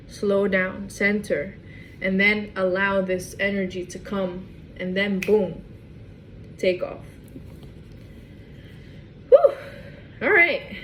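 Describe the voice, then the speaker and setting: A woman's voice: mid-range voice, fairly bright tone, rough recording. Woman, tarot reader, casual, emphatic, repeats herself, faint noise behind. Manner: emphatic, repetitive, restarts phrases. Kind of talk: casual channeled reading.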